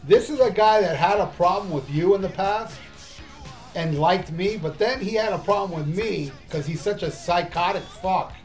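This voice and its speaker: A man with a high voice co-hosts a casual podcast, swearing freely as he reads out listener comments. He tells his stories with animated energy. Faint music sits under his voice. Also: moderate pace. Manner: animated, profane storyteller reading listener comments. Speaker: podcast co-host. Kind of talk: casual chat.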